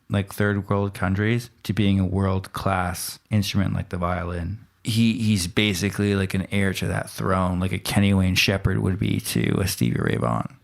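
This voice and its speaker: A man's voice: on the low side, vocal fry, a little mellow. A man co-hosting a casual podcast chat, explaining things in a laid-back way. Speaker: podcast co-host.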